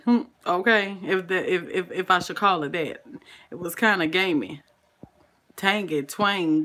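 A woman's voice: medium pitch, sharp tone. A woman with a Southern American accent hosting a cooking livestream, chatting casually and calling her viewers "honey" and "child". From Southern United States. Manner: folksy, sprinkles "honey" and "child", greets viewers by name.

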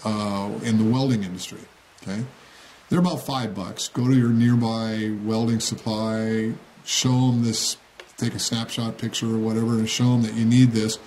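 A man's voice: on the low side, steady tone, a little slow, a little mellow, a little hiss or hum. Plain-spoken man explaining a workshop build. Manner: plain-spoken, frequent "okay?" check-ins. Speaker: model railroad hobbyist demonstrating. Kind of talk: casual how-to tutorial.

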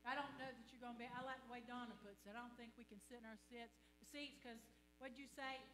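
A woman pastor leading a church service, lively, playful and encouraging toward the congregation. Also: a little high, fast talker. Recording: echoey church hall with hum.

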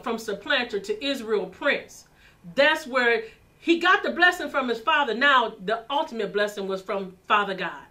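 A woman minister in full sermon, her voice high and bright. She preaches with passion, circling back over her phrases and building them up as she goes.

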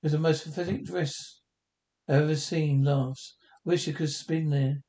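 A man's voice: on the high side, steady tone, normal speed, mellow, lightly acted. A man reading an earnest worried girlfriend. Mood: chatty. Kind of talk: amateur script reading.

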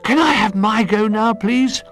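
A man voicing a big, excitable toy dog who pleads impatiently for his turn. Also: high-pitched, measured pace, soft background music, voice pushed up. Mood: eager.

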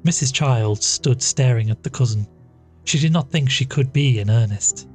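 A man with a medium-pitched voice reads a classic short story aloud as a podcast narrator, keeping a measured, even delivery. Faint music plays in the background.

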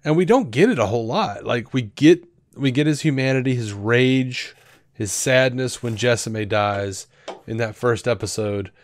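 A man co-hosting a podcast, talking through a show review in a rambling, animated way with lots of fillers and restarts. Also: medium pitch, normal speed, no echo. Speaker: podcast co-host. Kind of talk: casual review chat.

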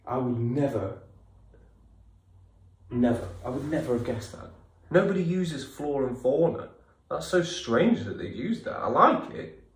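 A man hosting a casual music reaction video, animated and enthusiastic. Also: medium pitch, measured pace, pauses often, very echoey, far from the mic. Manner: animated, laughing, enthusiastic, swears.

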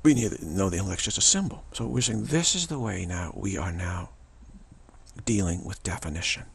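A man giving a spiritual talk as a teacher, musing and repeating himself, with many restarts and drops into soft whispers. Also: low voice, animated, a little fast, gravelly, slight background noise.

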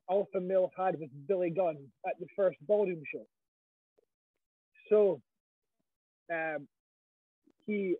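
Husky high-voiced Scottish man on a tinny line. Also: no echo. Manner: animated, swears freely, quotes others. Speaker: wrestling guest. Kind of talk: casual storytelling interview.

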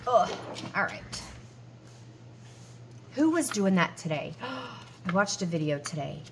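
A budgeting vlogger in her forties chats casually at home, counting cash aloud and talking to herself between numbers. Her fairly low voice is sing-song and measured in pace, with a little hiss or hum on the recording.

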